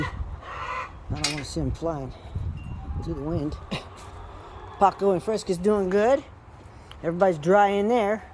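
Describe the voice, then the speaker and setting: A woman walking around her homestead yard with a handheld camera, chatting casually and talking to her animals as she goes. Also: on the low side. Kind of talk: casual walk-and-talk vlog. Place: outdoors on a homestead yard after a storm. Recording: noisy outdoor recording.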